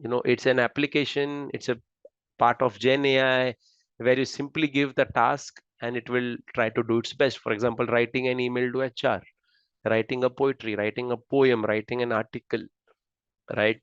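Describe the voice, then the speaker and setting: A man's voice: mid-range voice, clean tone, dry recording, dull audio. A man with an Indian accent giving a slide lecture in a chatty, conversational way, often checking in with "right?". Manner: conversational, keeps asking "right?".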